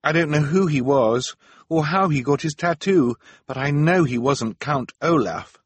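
A man voicing an exasperated teenage girl in an audiobook, speaking high and strained. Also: unhurried, husky, no room sound. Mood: gloomy. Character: exasperated teenage girl, sharp-tongued inventor. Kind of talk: audiobook narration.

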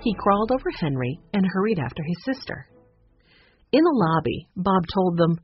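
A woman narrating a children's storybook in a steady storytelling manner. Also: on the low side, normal speed, breathy edge, faint music behind. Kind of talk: audiobook narration. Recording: muffled lo-fi audio.

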